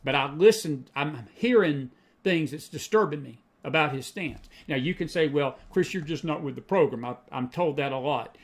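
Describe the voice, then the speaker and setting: Middle-aged guy hosting a live faith show, preachy and folksy, kinda high voice, keeps repeating himself. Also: moderate pace. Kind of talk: live-stream commentary reading chat comments.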